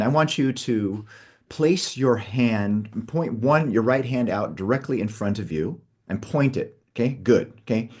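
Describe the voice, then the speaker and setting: A man's voice: lowish voice, a little mellow. A man leading a workshop, guiding a participant through a group exercise with step-by-step instructions and frequent checks of "okay". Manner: instructive, peppers talk with "okay". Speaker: workshop facilitator.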